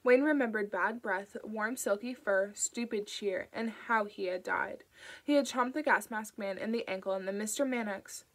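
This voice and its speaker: A woman narrating an audiobook in a calm, even storytelling manner. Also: mid-range voice, normal speed, poor audio. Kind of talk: audiobook reading.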